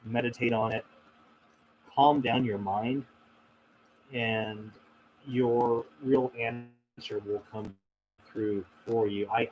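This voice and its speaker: The recording is rough, with slight background noise, as a medium-pitched man hosts a casual livestream Q&A. He responds to viewer questions reflectively, rambling and frequently using fillers and restarting.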